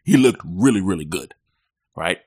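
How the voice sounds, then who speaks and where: A man talks sports solo for a podcast, and his pitch rises and falls a great deal as he goes. He talks in a relaxed, conversational way and keeps slipping into quick playful impressions. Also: slightly rough.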